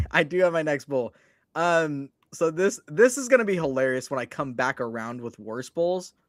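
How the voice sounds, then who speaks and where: A young man co-hosting a casual sports chat show, animated and joking, ranting with mock outrage. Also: on the high side, moderate pace, no room sound, studio quality.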